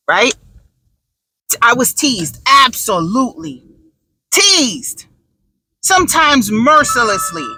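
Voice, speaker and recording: A woman in her thirties, a mother and podcast host, talking casually in an animated, sassy storytelling way with quick asides. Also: mid-range voice, breathy edge, poor audio. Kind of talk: casual talk monologue.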